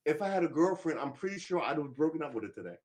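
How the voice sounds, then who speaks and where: A man's voice: on the high side, sing-song, rapid-fire, a little mellow. Middle-aged guy a bit tipsy, rambling live stream chat, swears a lot, keeps restarting. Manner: rambling, profane, candid, with many fillers and restarts. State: slightly tipsy. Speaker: vlogger.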